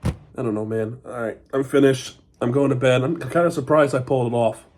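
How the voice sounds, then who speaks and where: A man's voice: mid-range voice, fairly even intonation, fairly quick, a little mellow. A man hosting his own fan channel, giving an unscripted game recap while sick with a cough, frustrated and exasperated as he complains. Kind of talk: unscripted sports recap rant.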